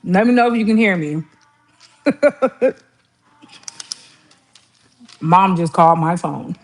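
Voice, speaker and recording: A woman's voice: on the low side, expressive, slow. A woman hosting a casual livestream, chatting and telling family stories with frequent laughter. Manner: chatty storytelling, laughs often, mimics relatives. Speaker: livestream host. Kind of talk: casual livestream chat while cooking.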